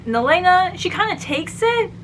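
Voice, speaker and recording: A woman reviewing a book, casually retelling the plot and acting out the characters' lines with quick voice shifts. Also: very high-pitched, very animated, a bit bright, a little hiss or hum. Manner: chatty, acts out quoted lines with quick voice shifts.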